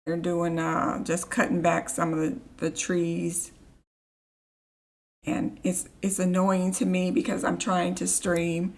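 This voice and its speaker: A woman chatting casually while live-streaming a game, rambling and easily annoyed, with a rough morning voice. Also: lowish voice, completely flat delivery, slow pace. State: morning voice, just woke up.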